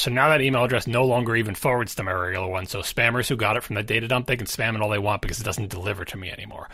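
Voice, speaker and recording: A man co-hosting a podcast, talking casually about tech, emphatic, with his pitch jumping up on stressed words. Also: very fast, few pauses, pushed and bright, dry recording. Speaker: podcast co-host.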